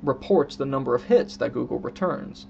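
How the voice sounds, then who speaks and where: Gravelly guy reviewing a book, reads out quotes and explains them, kinda dull lo-fi sound. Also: mid-range voice, expressive, darkish tone. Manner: reads quoted passages aloud, marking each quote and emphasis; unhurried, explanatory, with restarts. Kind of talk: casual spoken book review. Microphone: own camera setup. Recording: dull lo-fi recording with faint hum.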